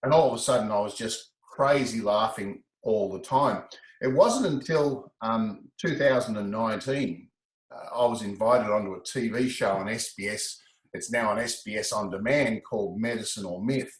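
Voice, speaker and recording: A middle-aged man, a guest telling his story in a casual interview, animated and quick to laugh. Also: fairly low pitch, echoey room, low-quality recording. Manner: animated, breaks into laughter, repeats words.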